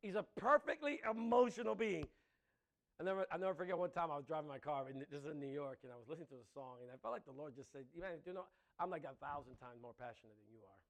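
A man preaching a sermon with passion, moving between loud emphatic lines and soft, intimate ones, laughing between points. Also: on the high side, fast, gravelly. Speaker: pastor.

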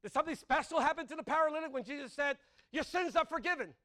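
A man's voice: very high voice, quick pace, pushed and bright. A man preaching a sermon in a conversational way, asking the congregation questions and laughing at his own jokes.

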